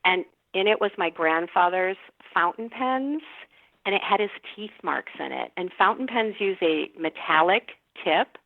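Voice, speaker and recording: A middle-aged actress chatting as a podcast guest, telling stories and laughing often. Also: female voice, lowish voice, animated, a little slow, no room sound. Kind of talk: casual podcast chat. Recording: tinny phone-line sound, dry.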